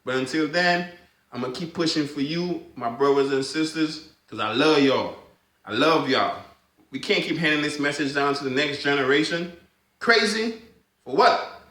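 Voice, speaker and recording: Man, advocate delivering a fervent monologue, bright edgy tone, echoey room. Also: on the high side, normal speed. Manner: fervent, repeats phrases, swings from loud to hushed. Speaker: sickle cell awareness advocate. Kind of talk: impassioned personal monologue.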